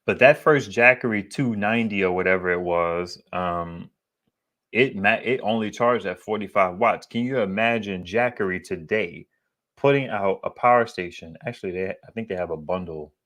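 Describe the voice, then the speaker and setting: A man with a deep, bassy voice chatting casually to his viewers about solar gear, rambling and slangy. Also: normal speed, fairly bright tone. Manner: rambling, digressive, slangy and candid. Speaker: solar equipment YouTuber. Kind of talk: casual vlog chat.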